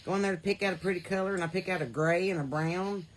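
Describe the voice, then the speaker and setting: A woman with a Southern American accent hosting a podcast, chatting folksy and loose from her porch into a phone, laughing often and swinging between loud and soft. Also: on the low side, steady tone, quick pace. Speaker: podcast host. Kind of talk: casual livestream chat. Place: outdoors on a porch. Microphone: phone on a holder.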